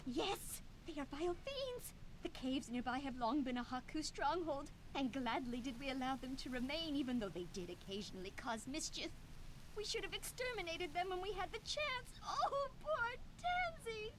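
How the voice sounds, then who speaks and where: A woman's voice: high-pitched, sing-song, moderate pace, slight background noise. A woman voicing a wounded female dryad in a fantasy game, pleading in formal, old-fashioned speech. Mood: anxious. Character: wounded female dryad searching for her lost niece. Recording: game audio under background music.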